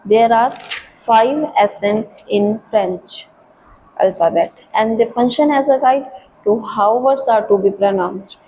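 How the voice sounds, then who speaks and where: Slow, mellow woman teaching French. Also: a little high, slight background noise, poor audio. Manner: slow, careful explaining, switching into Hindi. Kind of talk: classroom lesson.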